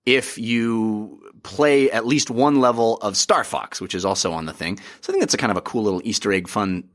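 A man hosting a podcast, upbeat and excitable, chatting casually about games with plenty of fillers. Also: fairly low pitch, fairly quick. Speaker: podcast host. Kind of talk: casual chat.

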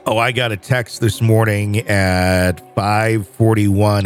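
A man's voice: lowish voice, level tone, slow pace, few pauses, clean tone. Rambling, joking male podcast host. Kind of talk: casual chat.

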